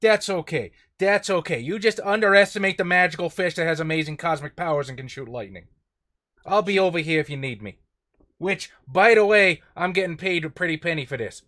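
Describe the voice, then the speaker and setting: A man's voice: a little high, animated, brisk, a bit bright. A man playing a tabletop game, talking in character with brash, wisecracking banter. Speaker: player.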